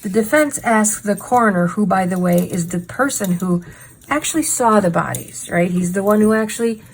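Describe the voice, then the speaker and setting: A woman's voice: medium pitch, normal speed, poor audio. A woman hosting a casual true crime chat while crafting, talking in an indignant, sarcastic, emphatic way. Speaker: host.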